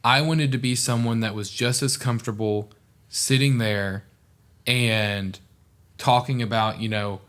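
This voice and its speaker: A man's voice: medium pitch, fairly even intonation, a little slow, fairly bright tone. A young man, a podcast guest talking in an earnest, heartfelt, rambling way full of "like". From southeast Oklahoma. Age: young adult. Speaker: podcast guest, former student officer. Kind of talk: casual podcast interview.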